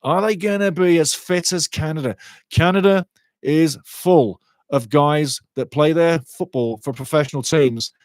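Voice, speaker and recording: Passionate male fan commentator, higher voice, dry close mic, gets heated fast. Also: a little mellow, dry recording. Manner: passionate, gets fired up over fouls; chats with viewers' comments. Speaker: watchalong commentator. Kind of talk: live fan match commentary.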